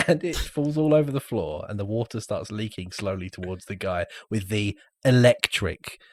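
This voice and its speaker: A man's voice: lowish voice, normal speed, no room sound, clean studio sound. A man co-hosting a podcast, recounting a film scene in casual chat and laughing often. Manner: laughs a lot while recounting. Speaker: podcast co-host.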